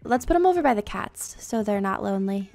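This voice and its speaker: A young woman talking casually over her Minecraft gameplay, chatty and self-deprecating, with soft music playing behind her. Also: mid-range voice, lively intonation, fairly quick. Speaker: Minecraft YouTuber.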